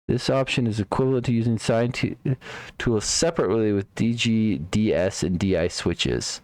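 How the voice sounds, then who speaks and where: A man's voice: on the low side, moderate pace, darkish tone, no room sound. A man streaming live, thinking aloud while debugging code, muttering to himself, trailing off and repeating words.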